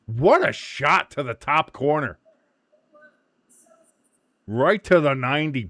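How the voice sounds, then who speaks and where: A man hosting a live match watch-along in casual chat. He gets excited easily, swears freely, laughs often and shouts at big moments. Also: on the high side, slow, pauses often, dry recording, studio quality.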